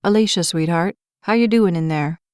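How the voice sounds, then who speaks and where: Woman voicing a calm male firefighter, soft reassuring tone, patient, audiobook. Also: lowish voice, moderate pace, clean tone, dry recording, clean studio sound, close to an everyday voice. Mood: soothing.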